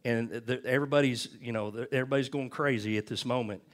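A pastor with a medium-pitched, fairly even voice preaches quickly, telling personal stories. He talks to the congregation conversationally, tossing in frequent "amen?" and "okay?" asides as he goes.

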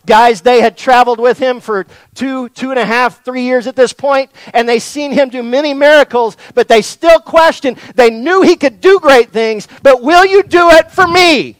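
High-voiced, animated preacher man. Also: moderate pace, hardly any pauses, clean tone, no echo, poor audio. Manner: animated, rising to near-shouts, then dropping low and soft; folksy, addresses the congregation directly. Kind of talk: sermon. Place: church in front of a congregation.

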